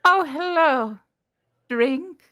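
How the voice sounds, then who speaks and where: A woman's voice: high-pitched, expressive, very slow, sharp tone, pitched above the performer's own voice, exaggerated voice. A woman doing a terse ghastly drink boy. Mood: curt. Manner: clipped, curt answers.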